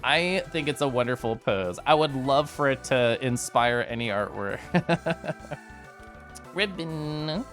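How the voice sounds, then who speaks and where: A man's voice: mid-range voice, animated, takes it slowly, fairly bright tone, soft background music. A man chatting casually to his livestream viewers, giggly and bubbly, with lots of asides. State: tipsy from whiskey earlier. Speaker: streamer recapping VR chat meetups.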